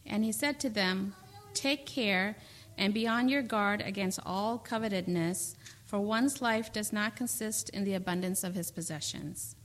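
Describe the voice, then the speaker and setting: A woman reading a scripture passage aloud in a steady, measured way before a sermon. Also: medium pitch. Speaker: scripture reader.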